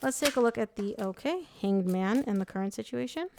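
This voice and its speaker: A young woman giving a casual tarot reading, talking frankly and loosely with lots of "like" and quick self-corrections. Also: on the high side, animated, gravelly, background noise. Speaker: tarot reader.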